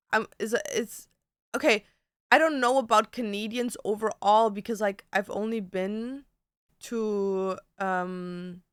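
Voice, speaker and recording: A woman's voice: mid-range voice, smooth, no room sound, studio quality. A young woman chatting casually on a livestream, peppering her talk with "like" and swearing. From Germany. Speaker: streamer. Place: home.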